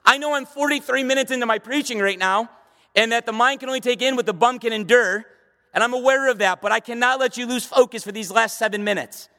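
A middle-aged man preaching as pastor, with emphatic delivery that climbs to urgent high bursts. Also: quick pace, sharp tone. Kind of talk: sermon. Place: church sanctuary. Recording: long reverb of a church hall.

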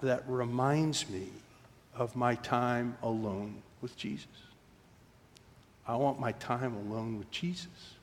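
Preaching man in a reverberant church. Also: mid-range voice. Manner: storytelling, drops to near-whisper for quoted moments. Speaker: pastor. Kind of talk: sermon. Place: church sanctuary.

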